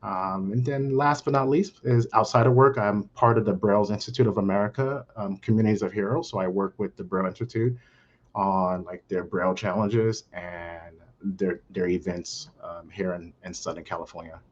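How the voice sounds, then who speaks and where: A middle-aged man from Brooklyn, under the weather, speaking on a panel in a halting way full of fillers. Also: on the low side, steady tone, lo-fi sound. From Brooklyn, New York. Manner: halting, many fillers and restarts. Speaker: panel guest, account manager. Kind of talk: casual panel talk.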